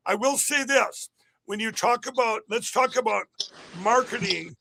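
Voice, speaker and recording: A political candidate giving an emphatic, repetitive rally-style interview on a podcast. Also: male voice, very high-pitched, unhurried, gravelly, pushed and bright.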